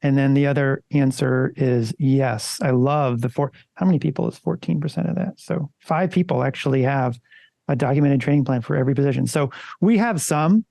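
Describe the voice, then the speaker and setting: Gravelly man chatting on a podcast. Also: mid-range voice, brisk, warm tone, dry recording. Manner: conversational, loose and swearing. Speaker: podcast co-host. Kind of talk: casual podcast chat.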